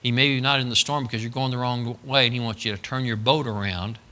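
A man preaching an earnest, folksy sermon that swings between hushed and loud. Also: medium pitch, steady tone, quick pace.

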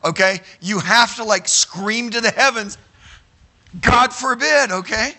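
A man teaching a sermon to a live audience, animated and emphatic, checking in with the room with frequent "okay?" and at times shouting a phrase for emphasis. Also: high voice, unhurried. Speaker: Bible teacher.

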